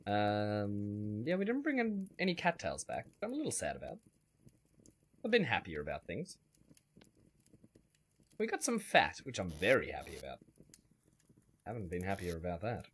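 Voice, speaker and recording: A man's voice: on the low side, huge pitch swings, normal speed, pauses often, slightly rough. A man streaming a survival game, rambling in a wry way and chatting with his viewers. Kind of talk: casual gameplay commentary.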